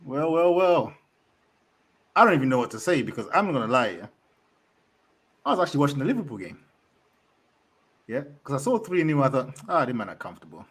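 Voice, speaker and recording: A man with a husky voice chats casually as a podcast co-host. His pitch swings widely as he tells excitable, laughing stories. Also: a little fast, pauses often. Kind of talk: casual chat.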